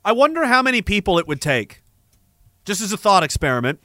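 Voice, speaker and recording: A man delivering a sarcastic, profane satirical rant as an online commentator, slipping into a mock bank-salesman pitch. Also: very animated, fairly quick, bright, forceful tone, dry recording, clean studio sound. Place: Canada.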